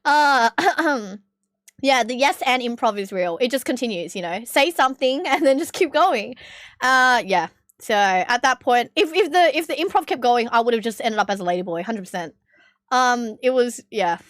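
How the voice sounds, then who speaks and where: High-voiced young Australian woman. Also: animated, moderate pace, fairly bright tone, no echo, studio quality. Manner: rambling, lots of fillers and laughter. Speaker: livestreamer. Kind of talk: casual storytelling.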